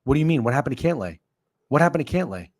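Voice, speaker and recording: A man's voice: medium pitch, racing. A man hosting a casual sports betting talk show, ranting and swearing. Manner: profane, ranting, animated. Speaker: podcast host.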